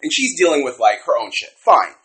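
A man co-hosting a casual podcast, critiquing a book in an animated way, swearing freely and acting out quotes. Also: a little high, brisk, poor audio. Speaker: podcast co-host.

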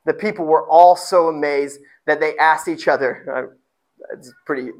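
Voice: mid-range voice, normal speed, low-quality recording. Pastor delivering an emphatic sermon, prone to repetition and rhetorical questions. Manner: repeats words and phrases for emphasis.

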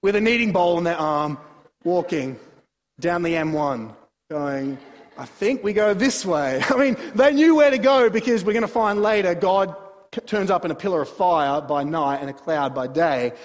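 A man preaching through a Bible passage, animated, dropping to soft asides and rising to emphatic bursts. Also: fairly high pitch, normal speed, in a large hall. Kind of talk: sermon, Bible exposition.

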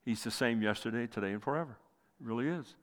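Preaching man in a reverberant hall. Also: fast talker. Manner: impassioned preaching, swells loud then drops low. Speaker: pastor. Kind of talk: sermon.

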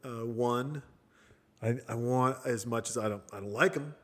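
A middle-aged man hosting a casual chat, telling stories in an animated way and acting out other people's voices. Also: medium pitch, normal speed. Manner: animated, acts out voices in anecdotes. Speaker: podcast host.

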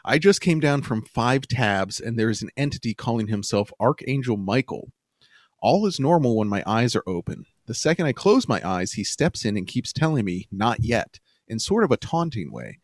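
A man's voice: medium pitch, sing-song, normal speed, dry recording. A man co-hosting a podcast, chatting casually and reading online posts aloud with a laid-back, chuckling manner. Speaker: podcast co-host.

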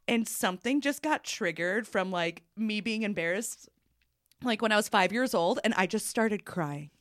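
A woman's voice: mid-range voice, expressive, moderate pace, a bit bright, no echo, clean studio sound. A woman telling a funny travel story on a podcast, laughing often and acting out the people she quotes. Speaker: podcast guest. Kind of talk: casual storytelling chat.

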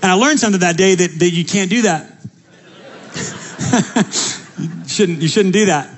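A young adult male pastor preaching a sermon, telling childhood stories and building to energetic calls to the congregation. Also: high voice, normal speed. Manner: energetic storytelling, rising to preaching fervor.

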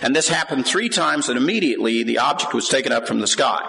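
A man preaching a sermon and reading scripture to a congregation, his voice carrying a long reverb from the hall. He questions his listeners directly and climbs to emphatic, animated peaks. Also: medium pitch, quick pace, gravelly.

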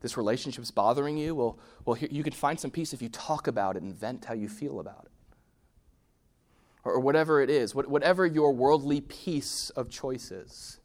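A man preaching a sermon, swinging from loud, emphatic peaks to hushed, near-whispered lines. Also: medium pitch, expressive, normal speed. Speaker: pastor.

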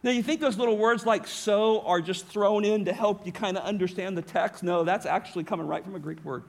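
A man's voice: high voice, a little fast. A middle-aged man pastor preaching a sermon in an earnest way, often correcting himself and restarting.

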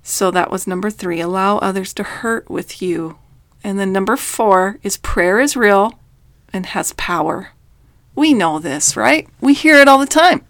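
A woman's voice: medium pitch, animated, a little slow, fairly bright tone, no room sound. Earnest woman coach, dry close sound. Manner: earnest, emphatic, with quoted voices. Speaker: life coach. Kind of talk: faith-based reflective talk.

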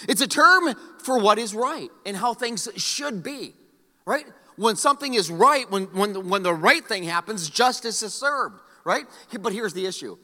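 A man's voice: high-pitched, lively intonation, measured pace, sharp tone. A middle-aged male pastor preaching a sermon, telling stories with joking asides to the congregation. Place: large church hall. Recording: long hall reverb.

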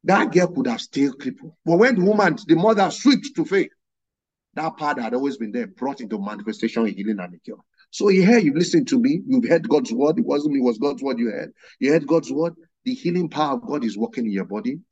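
A man's voice: medium pitch, expressive, fairly quick, darkish tone, slightly rough, lo-fi sound. A man, a guest preacher, giving a sermon and retelling a healing story with fervent, rising emphasis.

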